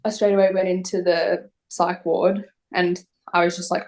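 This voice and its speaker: A young woman telling a personal story in an interview, halting and emotional with many fillers. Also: on the low side, little pitch movement, a little mellow. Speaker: interview guest.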